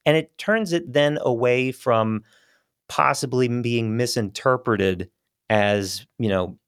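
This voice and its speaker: A man who works as a voice actor, chatting in a relaxed, rambling way as an interview guest on a studio microphone. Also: mid-range voice, slow pace, clean tone, no echo. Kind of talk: casual interview chat. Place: small studio.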